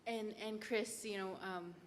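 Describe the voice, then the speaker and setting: Quiet, emotional woman in a hall. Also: medium pitch, steady tone. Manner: quiet, emotional, halting with repeats. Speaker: representative presenting gifts. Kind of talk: heartfelt public remarks. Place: lecture hall. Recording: reverberant hall with faint room noise.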